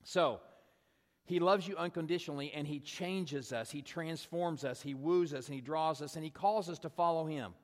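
A male pastor preaching in a relaxed, conversational way, telling stories and often asking "right?" to keep listeners with him. His voice sits a little high for a man. The sound carries the long reverb of a large hall. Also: normal speed. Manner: conversational storytelling, frequent "right?" tag questions. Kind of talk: sermon.

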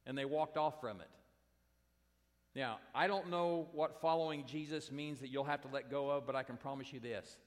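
A man's voice: mid-range voice, moderate pace. A pastor preaching a sermon to his congregation, emphatic and direct, repeating his key phrases. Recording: long hall reverb.

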